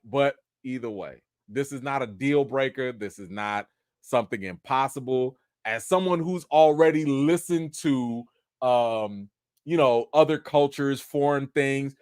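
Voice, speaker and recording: Animated guy on a livestream, haitian background, pitch jumping all over, dry close mic. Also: clean tone, no room sound. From Haitian family. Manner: animated, playful, talks straight to viewers. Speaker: host. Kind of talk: casual livestream review.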